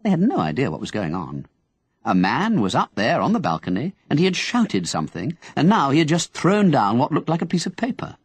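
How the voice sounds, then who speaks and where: A man narrating an audiobook in an expressive storytelling manner. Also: mid-range voice, breathy edge, dry recording. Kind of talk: scripted narration.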